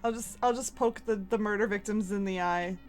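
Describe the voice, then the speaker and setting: A woman's voice: mid-range voice, steady tone, darkish tone, soft background music. A woman casually chatting and joking while livestreaming an old adventure game. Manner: giggly and playful, quick asides.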